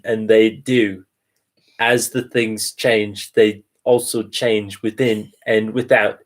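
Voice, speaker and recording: A man putting on a slow, solemn voice as a vague, mock-wise sage for laughs. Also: fairly low pitch. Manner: slow, solemn pseudo-profound delivery.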